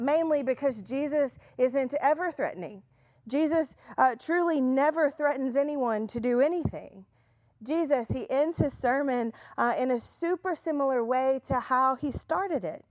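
A woman's voice: sits high, normal speed, dry recording. A woman in her thirties giving a conversational sermon, telling stories with plenty of fillers and restarts and some self-deprecating humor. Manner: chatty storytelling with many fillers and restarts. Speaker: pastor.

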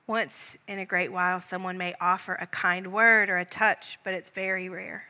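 A woman leading a guided Christian prayer meditation in a gentle, calm voice, speaking directly to the listener as "you". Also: lowish voice, moderate pace, long reverb tail. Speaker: prayer leader.

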